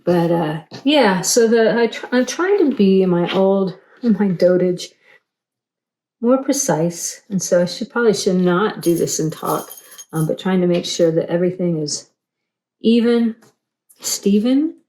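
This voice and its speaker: A woman's voice: mid-range voice, animated, measured pace, dark tone. A middle-aged woman, teaching quilting in a chatty, rambling way, full of self-deprecating asides. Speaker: quilting instructor. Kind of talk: casual tutorial chat while sewing. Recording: echoey room.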